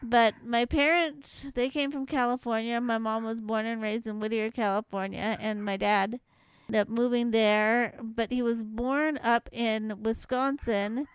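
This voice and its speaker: A woman's voice: on the high side, steady tone, measured pace, clear, resonant tone, dry recording, rough recording. A young woman from Louisiana with a mild Southwest Louisiana accent, chatting and rambling casually as she reads a word list. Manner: chatty, rambling, laughs between words. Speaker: vlogger.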